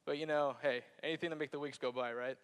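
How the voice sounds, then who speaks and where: A man's voice: on the high side, fairly even intonation, fast talker, fairly bright tone, clean tone. Man veteran, playful staged storytelling, long hall reverb. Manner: playful, jokey, acts out scenes. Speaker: Marine veteran telling his story on stage. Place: theater stage.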